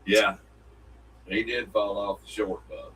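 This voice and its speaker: A low-pitched man with a drawl, his voice bright and forward. He rambles along in easy morning-show banter and laughs easily. He sits a little back from the mic, with a faint hiss of noise behind him. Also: flat delivery. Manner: rambling, folksy, quick to laugh. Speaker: radio show co-host. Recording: somewhat distant mic with faint background noise.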